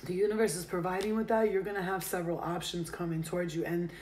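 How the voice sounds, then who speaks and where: A woman's voice: fairly low pitch, level tone, fast talker, a little mellow, slight background noise. A woman giving a casual, rambling tarot reading, full of "like" fillers. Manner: rambling, chatty, heavy on "like" fillers. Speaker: tarot reader. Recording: roomy echo.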